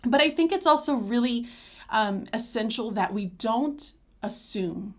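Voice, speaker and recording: A woman teacher, talking to parents and teachers in a chatty, animated live chat and laughing easily. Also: a little high, a little slow. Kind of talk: informal talk to parents and teachers.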